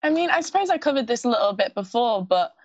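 A woman's voice: a little high, very animated, fast talker, darkish tone, dry recording, dull audio. A young woman with a mild Scottish accent, a pageant guest chatting in an interview in a bubbly, gushing way and laughing often. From Scottish roots, moved to the UK at sixteen. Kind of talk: casual interview chat. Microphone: video call.

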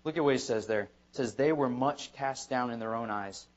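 A man preaching an evening church sermon at a middle pitch. He presses his points through repetition and emphasis. The recording sounds dull and lo-fi. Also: normal speed. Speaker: pastor.

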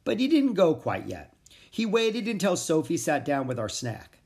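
An expressive narrator reading a children's chapter book aloud. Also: medium pitch, moderate pace. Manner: expressive, animated storytelling. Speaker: audiobook narrator.

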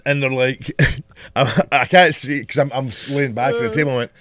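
A man co-hosting a podcast, telling a story in an animated, profane, laughing way. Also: mid-range voice, moderate pace, no echo. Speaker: podcast co-host. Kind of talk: casual storytelling chat.

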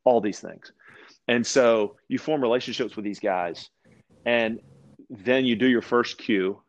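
A man from Louisiana, chatting casually as a guest and telling animated stories, often restarting his sentences and acting out quoted voices. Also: medium pitch, unhurried, highs cut off. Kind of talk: casual storytelling chat.

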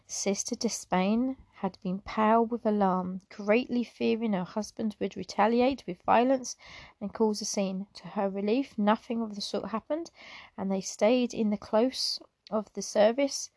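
A woman's voice: medium pitch, steady tone, measured pace, dry recording. Woman reading a memoir aloud, dry sound. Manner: stumbles over words and apologizes, reading on; unscripted asides with soft laughs. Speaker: reader.

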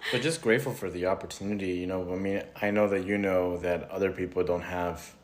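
Man, casual podcast host, very low voice, relaxed slangy delivery. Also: fast. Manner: laid-back, slangy, laughs along. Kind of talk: casual chat. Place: kitchen table at home, late at night.

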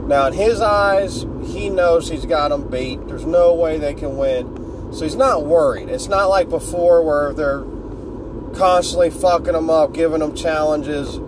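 A man's voice: fairly high pitch, a little slow, background noise. Laid-back man rambling through a fan story. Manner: laid-back, joking, swears freely, loses his words. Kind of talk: casual rambling retelling.

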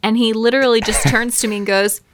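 A woman's voice: a little high, steady tone, fast, a little hiss or hum. A woman co-hosting a podcast, chatting casually and giggling as she tells stories. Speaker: podcast co-host. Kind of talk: casual chat.

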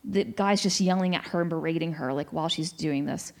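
A woman in her forties in a casual discussion, telling a story in an animated way with many restarts. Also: deep voice, a little fast, gravelly.

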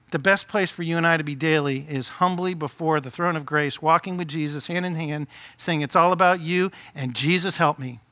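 A male pastor delivers a sermon with impassioned urgency, his voice rising to emphatic peaks. His tone sits high and bright, with a sharp forward edge.

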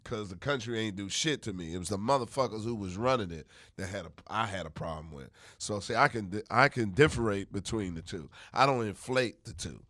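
Brash, bright-voiced comic man. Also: lowish voice, animated, brisk, no echo, studio quality. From United States. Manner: brash, profane, boastful. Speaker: comedian guest. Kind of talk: loud comic riffing in casual chat.

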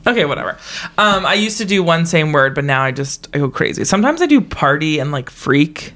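A young woman co-hosting a podcast in casual chat, chatty, with frequent laughs and quick asides. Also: deep voice, big pitch swings, a bit bright. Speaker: podcast co-host.

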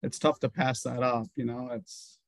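Man giving measured sports takes, dry sound. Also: mid-range voice, steady tone, no room sound, poor audio. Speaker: podcast co-host. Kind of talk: casual sports chat.

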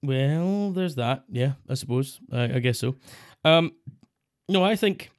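A man's voice: mid-range voice, lively intonation, a little slow. A man co-hosting a podcast, bantering casually, laughing often and jumping into silly put-on voices. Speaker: podcast co-host.

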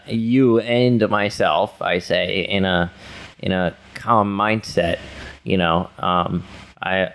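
A man's voice: fairly low pitch, a bit bright. A man talking casually with his partner, rambling with many fillers and restarts and swearing freely. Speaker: partner in a couple's talk.

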